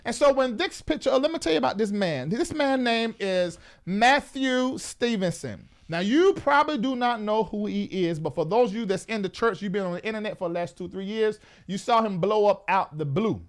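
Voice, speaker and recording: A man's voice: high-pitched, moderate pace, few pauses. Chatty man hosting a talk show. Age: 40s. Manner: animated, chatty, repeats himself. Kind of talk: live talk show monologue.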